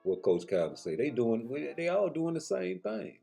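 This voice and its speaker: A man's voice: mid-range voice, big pitch swings, moderate pace, creaky, mellow, slightly rough, soft background music. A man giving a blunt, slangy boxing commentary rant straight to his viewers, with profanity.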